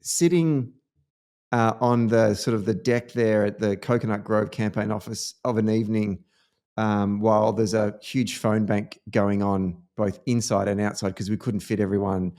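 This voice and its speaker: Animated Australian man telling stories. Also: fairly low pitch, normal speed. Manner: animated storyteller, lively anecdotes. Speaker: podcast host. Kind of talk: casual political chat.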